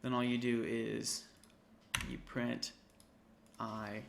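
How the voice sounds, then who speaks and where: Over a noisy backdrop of keyboard clicks, a man walks an intro programming class through code in a screen recording, typing, thinking aloud casually, and fixing his own slips. He speaks slowly in a medium-pitched monotone with vocal fry.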